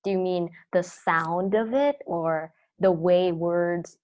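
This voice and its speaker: A woman's voice: fairly low pitch, takes it slowly, muffled recording. A woman hosting a podcast in casual chat, talkative and leaning on the filler "like" as she goes. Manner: chatty, leans on the word "like", friendly sign-off. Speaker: podcast host.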